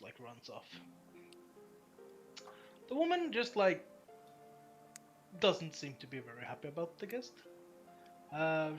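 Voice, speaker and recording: Slow, halting man narrating a game. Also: fairly high pitch, fairly bright tone. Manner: hesitant, filler-heavy, drawn-out phrasing. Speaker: game master.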